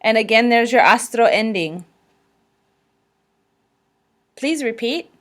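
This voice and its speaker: A woman teaching vocabulary in a recorded slideshow lesson, speaking carefully and pausing for listeners to repeat. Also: on the high side, expressive, fairly bright tone. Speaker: language teacher.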